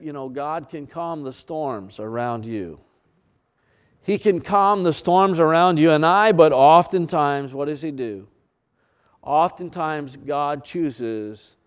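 A man preaching a sermon, building through repetition and dramatic pauses, with some fillers and restarts. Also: fairly high pitch, clean tone. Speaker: pastor.

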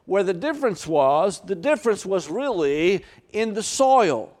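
A man preaching a sermon to his church, earnest, with frequent fillers, sometimes slowing for scripture and sometimes rushing. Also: high-pitched, big pitch swings, a little mellow. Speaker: pastor.

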